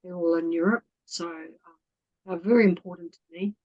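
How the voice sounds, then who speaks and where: A woman in her fifties with a New Zealand accent, talking earnestly in an interview and often trailing off quietly. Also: fairly low pitch, steady tone, moderate pace, highs cut off. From Netherlands, raised in New Zealand. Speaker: guest. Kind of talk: casual interview talk.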